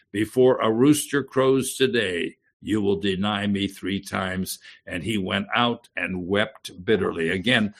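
A man preaching a sermon, reading Bible passages aloud with lively emphasis and frequent restarts and repeated words. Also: fairly low pitch, vocal fry.

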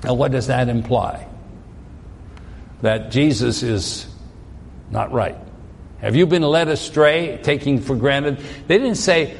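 A man's voice: a little high, measured pace, vocal fry, in a large hall. A man preaching a sermon, pressing his point with emphatic rhetorical questions. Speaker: pastor.

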